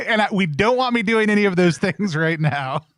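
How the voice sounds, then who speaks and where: A man's voice: high-pitched, animated, normal speed, no echo, studio quality. A man playing a tabletop role-playing game, describing his character's actions in a rambling, laughing way. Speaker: player. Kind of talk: casual tabletop game play.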